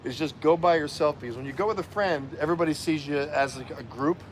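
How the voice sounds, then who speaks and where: Chatty South Jersey man on the street, talks fast and tells stories; noisy outdoor recording. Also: fairly high pitch. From South Jersey, USA. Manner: chatty storyteller, animated when quoting others. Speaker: citizen journalist vlogger. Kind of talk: casual chat outdoors. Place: outdoors on a city street at night with traffic.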